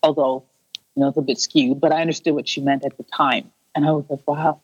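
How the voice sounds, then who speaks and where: A woman's voice: extremely low pitch, steady tone, fast talker, breathy edge, dry recording, muffled recording. Earnest woman telling a personal story. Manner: earnest, repeats and restarts, acts out quoted voices. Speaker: interview guest.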